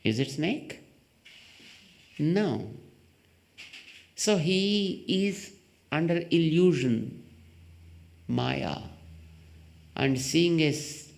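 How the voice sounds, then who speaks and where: In a temple hall, a male spiritual leader gives a very slow discourse, explaining ideas through simple examples and rhetorical questions. He's animated, with a darkish, vocal-fried voice and long pauses, and jumps to a sudden high pitch when acting out quoted voices.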